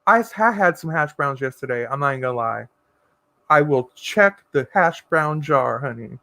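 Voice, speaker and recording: A man hosting a casual livestream, reading viewer comments aloud and answering in a sassy, campy way with drawn-out endearments. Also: on the high side, lively intonation, sharp tone, no room sound. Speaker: livestream host.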